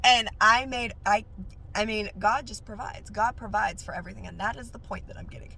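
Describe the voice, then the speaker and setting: Excitable woman telling her faith story. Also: moderate pace. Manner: excitable, animated storytelling that jumps high when excited. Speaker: nail technician sharing a faith testimony. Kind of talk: casual spoken testimony.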